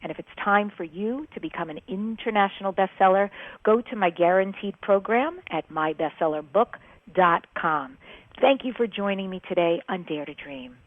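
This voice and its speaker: A woman's voice: mid-range voice, expressive, moderate pace, a little hiss or hum. A woman hosting a radio talk show, interviewing a guest and then wrapping up with plugs and sign-offs. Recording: tinny phone-line sound.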